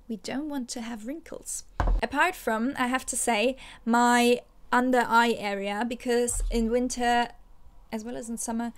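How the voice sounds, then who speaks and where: A woman's voice: a little high, clear, resonant tone. A young woman, a native German speaker, talking casually to camera about her skincare and correcting herself as she goes. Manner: chatty, musing, with fillers and self-corrections. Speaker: beauty vlogger.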